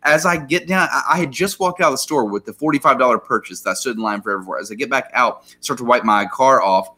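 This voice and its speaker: A young man with a bright, forceful voice tells a long story on a casual podcast. He rants and swears freely, stumbling over restarts and fillers along the way. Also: medium pitch, quick pace, breathy edge. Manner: heated, profane rant with frequent fillers. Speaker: podcast co-host.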